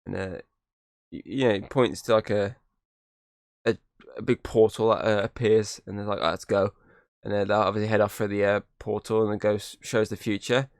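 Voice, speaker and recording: A man's voice: on the low side, flat delivery, moderate pace, dry recording, clean studio sound. A man hosting a podcast, casually recapping a film and slipping into quoted lines from the characters. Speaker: podcast host.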